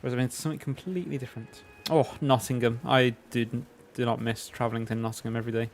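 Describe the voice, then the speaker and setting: A man's voice: mid-range voice, fairly even intonation, fast, a little hiss or hum. An English man streaming a game, telling rambling anecdotes in casual chat with plenty of fillers. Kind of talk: casual chat while gaming.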